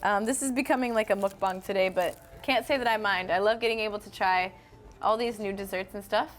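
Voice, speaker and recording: Speaking fairly quickly in a mid-range voice, this host is a young North Carolina woman running a casual live stream. She's warm and talkative as she reads out comments from viewers.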